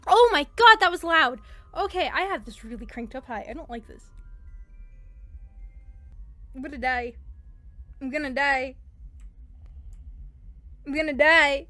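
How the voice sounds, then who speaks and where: A woman's voice: high voice, expressive, slow pace, long pauses, fairly bright tone, no echo, soft background music. A young woman streaming a horror game, reacting with jittery nerves, screams and nervous laughter. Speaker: gaming streamer. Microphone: headphones with mic.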